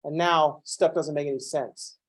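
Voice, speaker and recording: A man teaching a calculus class who lectures in an animated, playfully ranting way. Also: a little high, a little slow. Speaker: calculus instructor.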